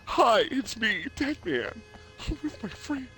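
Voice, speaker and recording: Man putting on a loud brash New York guy. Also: sing-song, slow, soft background music, full character voice. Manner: yelling, high and brash.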